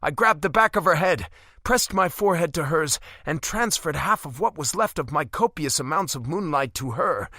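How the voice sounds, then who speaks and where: A male audiobook narrator with a bright, forward voice and a very lively pitch. He reads in first person with dramatic, emotionally charged delivery, in a dry, close recording. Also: normal speed, no room sound.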